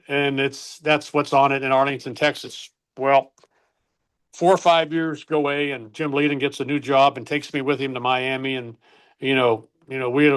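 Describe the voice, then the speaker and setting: An older man who once coached baseball tells an emotional personal story in an interview, earnest and often correcting himself. His voice is medium in pitch with a fairly bright tone.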